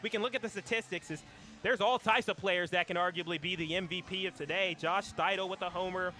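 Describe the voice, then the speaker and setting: A young man calling a college baseball game play-by-play from the ballpark booth, excitable and loud on big plays. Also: high voice, fairly quick, music in the background. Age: young adult. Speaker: play-by-play announcer. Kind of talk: live baseball commentary.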